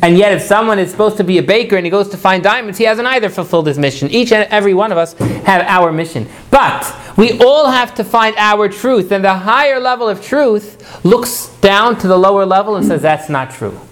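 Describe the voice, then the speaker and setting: A man's voice: high voice, brisk, a bit bright. A man teaching a Torah class, often repeating words as he starts and putting questions to his listeners.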